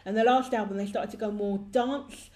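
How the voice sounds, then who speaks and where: Brief: woman co-host reviewing pop music, mid-pitched voice, eager and full of opinions. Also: steady tone, a little fast, darkish tone. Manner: enthusiastic, opinionated, chatty. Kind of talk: casual chat.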